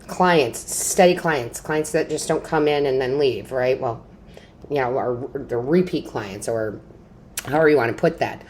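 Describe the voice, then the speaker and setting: Low-voiced chatty woman tarot reader. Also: a little slow, a little mellow, a little hiss or hum. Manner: chatty, reassuring, frequent "okay?" and "right?". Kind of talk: casual tarot reading to camera.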